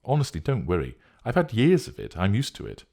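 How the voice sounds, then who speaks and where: A man's voice: on the low side, huge pitch swings, brisk, creaky, a little mellow, pitched above the performer's own voice, full character voice. A man reading a story, voicing a younger woman who brushes off worry on the phone. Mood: breezy.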